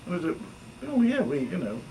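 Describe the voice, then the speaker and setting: An older man with an English accent, a guest musician telling animated stories and acting out the voices of people in them. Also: fairly high pitch, brisk. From England. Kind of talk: anecdotal storytelling. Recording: distant mic with noisy ambience.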